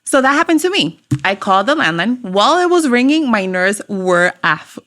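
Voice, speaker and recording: A woman's voice: a little high, moderate pace. A woman with an accent, a mother and guest, telling her story casually and acting out the dialogue with laughs. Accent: non-native English accent. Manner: animated, acts out quoted dialogue with laughs.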